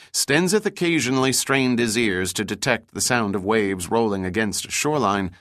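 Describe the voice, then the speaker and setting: A man giving measured, scripted audiobook narration of an adventure novel. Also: fairly low pitch, no echo, studio quality. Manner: even, measured storytelling.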